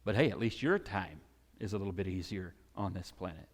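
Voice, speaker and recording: A man's voice: sits low, a little fast. Man preaching in a reverberant church. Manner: animated, acts out crowd shouts and quotes. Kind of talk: sermon. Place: church sanctuary. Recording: long hall reverb.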